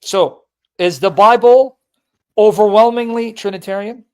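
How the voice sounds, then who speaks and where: A man's voice: sits high, unhurried, a little mellow, clear, resonant tone. A man hosting an apologetics call-in show, blunt and teasing, repeating his points with emphasis. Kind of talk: live call-in debate chat.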